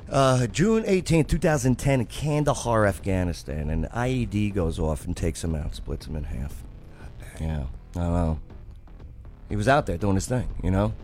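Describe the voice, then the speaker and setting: In a low-leaning, darkish voice, a New Jersey–accented man hosts a radio show, swapping stories in casual conversation. A former army journalist, he plays out other people's lines as he talks.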